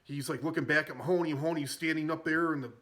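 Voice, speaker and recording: A man's voice: fairly high pitch, fairly even intonation, quick pace, a bit bright. A man recapping a movie in a casual, rambling way. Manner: rambling, with many fillers and restarts. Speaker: film reviewer.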